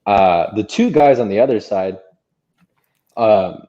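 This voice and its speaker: A man co-hosting a casual chat, telling a story in a relaxed, hesitant way. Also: fairly low pitch, slow pace. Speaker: podcast co-host. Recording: muffled lo-fi sound.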